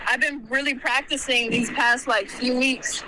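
Woman caller on a podcast, slow and relaxed, casual chat, vehicle noise loud behind her. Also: high voice. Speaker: caller, host's sister.

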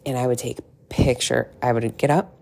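A woman's voice: a bass voice, steady tone, normal speed, gravelly, a little mellow. A middle-aged woman coaching on weight loss in a frank, chatty monologue, swearing freely and tossing in asides. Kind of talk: casual podcast monologue.

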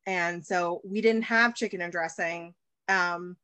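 A woman's voice: on the low side, steady tone, unhurried, sharp tone, clean tone, dry recording. A woman in her thirties from the United States, a baker and chef, talking as a guest in a casual interview and rambling with many fillers and restarts.

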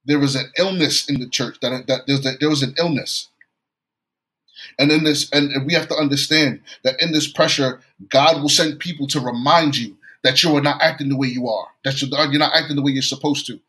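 A man's voice: mid-range voice, steady tone, fairly quick, pushed and bright, low-quality recording. A man from New York preaching a sermon, telling a story and often repeating and restarting his phrases.

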